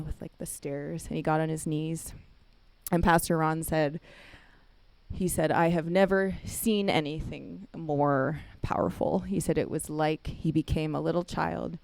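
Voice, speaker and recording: A woman's voice: sits low, vocal fry, darkish tone, no echo. A woman in her thirties speaking at a chapel service, telling a family story and acting out the quoted voices. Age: 30s. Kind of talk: storytelling sermon.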